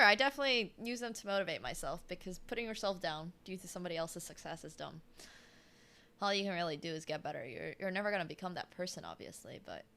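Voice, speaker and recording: A woman in her twenties with a sharp, mid-range voice commentates chess on a live stream. She keeps it casual and chatty, humming and laughing between remarks.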